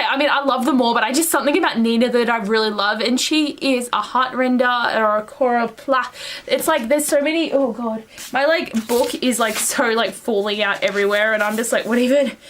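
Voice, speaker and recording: A young woman reviewing a book in a casual, gushing and rambling way, full of fillers and excited outbursts. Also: a little high. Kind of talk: casual chat.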